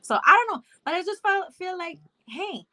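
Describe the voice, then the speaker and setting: A woman in casual boxing talk, animated and swearing freely, acting out angry fans. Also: very high voice, moderate pace. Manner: animated, swearing, laughing often, acts out fans.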